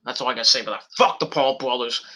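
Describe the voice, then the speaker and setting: A man's voice: medium pitch, racing, pushed and bright. A man giving a casual, rambling play-by-play recap of wrestling matches, blunt and profane as he goes. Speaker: wrestling reviewer.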